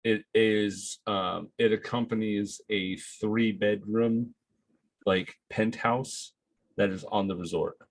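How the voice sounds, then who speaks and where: A man narrating as game master of a tabletop game, halting with many fillers and frequent laughter. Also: on the low side, fairly even intonation, no room sound.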